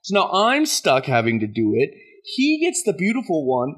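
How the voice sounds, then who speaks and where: A man's voice: fairly high pitch, huge pitch swings, normal speed, fairly bright tone, breathy edge. A young man hosting a podcast, telling a story in casual chat and laughing at himself as he goes. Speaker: podcast host.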